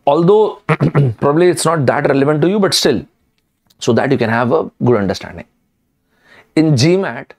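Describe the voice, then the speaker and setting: A man's voice: on the high side, a little mellow. A man teaching a live online lesson, emphatic and addressing students directly, repeating key words. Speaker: online exam-prep teacher.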